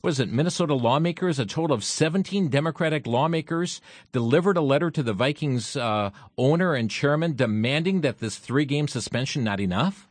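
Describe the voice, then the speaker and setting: Male talk radio host, dry close sound, halting delivery full of fillers. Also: a little high, animated, no echo. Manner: halting, many fillers and restarts. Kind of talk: radio talk show commentary.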